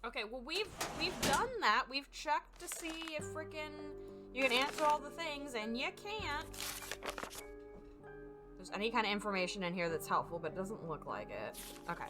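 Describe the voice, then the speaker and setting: A woman's voice: high-pitched, lively intonation, normal speed. A woman streamer chatting casually and giggling while she plays a mystery game. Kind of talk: casual gameplay commentary. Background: background music.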